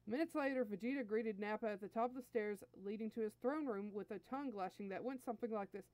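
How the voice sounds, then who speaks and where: A woman's voice: a little high, quick pace, hardly any pauses, darkish tone, no echo. A woman host reading fan fiction aloud in an easygoing, friendly storytelling manner. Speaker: story reader, channel host.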